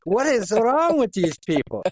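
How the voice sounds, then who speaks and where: A man's voice: extremely high pitch, very animated, unhurried, slightly rough, dry recording, voice pushed up, full character voice. A man doing a grumpy old Scottish islander who rants at rich people in a put-on bad Scottish accent. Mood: cranky.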